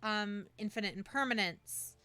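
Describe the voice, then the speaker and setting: Bright, crisp-voiced woman streamer. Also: mid-range voice, normal speed, soft background music. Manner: coaching a friend through deck building, many fillers and restarts. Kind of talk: casual livestream chat.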